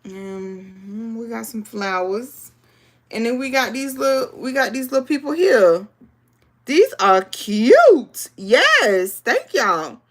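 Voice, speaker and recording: A woman's voice: fairly high pitch, very animated, slow pace. A woman hosting a live sewing stream, chatting casually with viewers and reading the chat aloud. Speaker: crafting livestream host.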